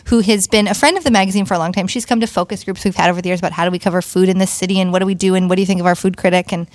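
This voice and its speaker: Fast-talking woman podcast host. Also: on the low side, fairly even intonation. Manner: quick, affirming interjections. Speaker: podcast co-host, magazine editor. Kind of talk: casual chat.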